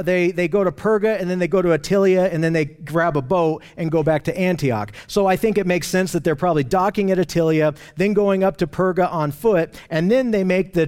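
A man with a notably high voice leads a Bible study lesson. He explains patiently, often restarting phrases with small fillers as he works through his points. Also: darkish tone, clear, resonant tone. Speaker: Bible teacher.

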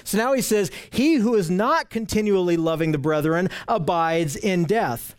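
A man's voice: sits high, lively intonation, normal speed, smooth. A man preaching an expository Bible sermon, earnest and explaining verses, often asking "right?" to his listeners. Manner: earnest, asks rhetorical questions, repeats "right?". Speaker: pastor.

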